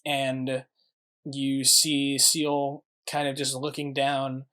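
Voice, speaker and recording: A man's voice: medium pitch, monotone, very slow, pushed and bright. A man narrating as game master of a tabletop game, rambling with many fillers.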